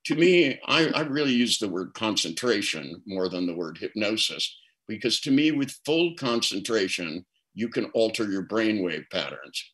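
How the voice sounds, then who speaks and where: A man's voice: fairly low pitch, expressive, moderate pace, a bit bright, rough recording. An older man speaking as a guest therapist, telling reflective stories in an interview and often repeating words as he starts a thought. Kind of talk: storytelling interview answer.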